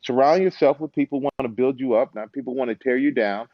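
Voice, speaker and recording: Guy on an interview couch telling stories, lively, does little voices for people, dry dullish sound. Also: medium pitch, quick pace, no room sound, muffled recording. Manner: animated storyteller, acts out quoted voices, laughs. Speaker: interview guest, former football player and TV host. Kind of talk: casual interview chat.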